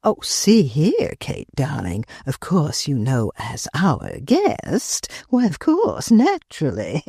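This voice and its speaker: A woman's voice: low voice, wildly swooping pitch, takes it slowly, warm tone, husky, no echo, studio quality, heavily acted. A woman voicing a brash, slangy society woman. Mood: hushed coaxing. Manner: slangy, wheedling, mocking. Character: brash, teasing middle-aged society woman.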